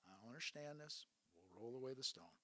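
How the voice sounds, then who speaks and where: A man's voice: mid-range voice, animated, brisk, bright, forceful tone. A man preaching a sermon, retelling Bible stories in an earnest way and asking his listeners rhetorical questions.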